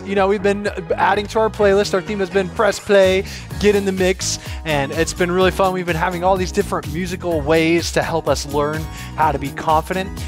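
A man hosting an online kids church show from a theater stage, upbeat and playfully teasing. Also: sits high. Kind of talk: presenting to children.

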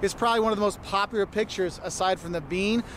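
A man's voice: high voice, fast, a bit bright, slight background noise. A man presenting a travel guide video, chatty and explanatory, often checking in with "okay?". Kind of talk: scripted travel guide talk.

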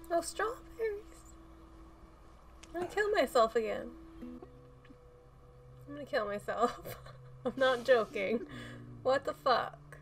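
A young woman filming a TV reaction, her voice high and bouncing all over. She swears freely and pleads with the characters, talking slowly, with a faint hiss behind her. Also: lively intonation. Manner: profane, talks back at the screen. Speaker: reaction video host. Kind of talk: emotional TV episode reaction.

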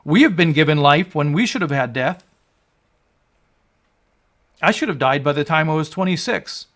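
A man in his sixties, a pastor preaching, moving from quiet teaching to loud, fervent proclamation. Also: fairly high pitch, expressive, moderate pace. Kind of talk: sermon.

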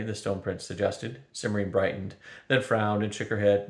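An older man, a grandparent, reading a children's novel aloud in a steady, gentle narrating voice. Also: lowish voice, normal speed. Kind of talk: storybook read-aloud. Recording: roomy echo.

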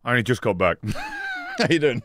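A man's voice: medium pitch, lively intonation, brisk, fairly bright tone, no echo, studio quality. A man casually chatting on a live stream, rambling and swearing, laughing often as he reads chat.

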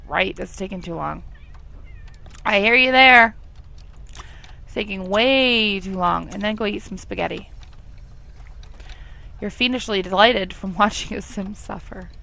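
A woman's voice: mid-range voice, vocal fry, pushed and bright. A young woman giving casual, chatty commentary over a life-simulation game, laughing often and talking to the characters. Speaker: gameplay commentator. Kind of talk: casual let's play commentary.

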